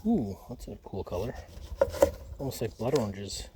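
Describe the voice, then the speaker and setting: A young man chatting casually to the camera while camping outdoors by a marsh, rambling in a relaxed way with quiet offhand asides to himself. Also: on the low side, moderate pace, heavy background noise. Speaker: solo camping vlogger. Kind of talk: casual outdoor vlog commentary.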